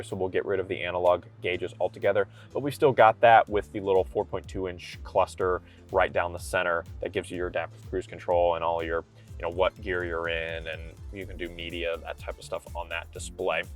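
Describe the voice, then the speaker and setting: Upbeat man reviewing a car. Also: deep voice. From Kentucky. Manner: upbeat, enthusiastic, conversational. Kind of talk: casual walkaround car review. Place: inside a car cabin.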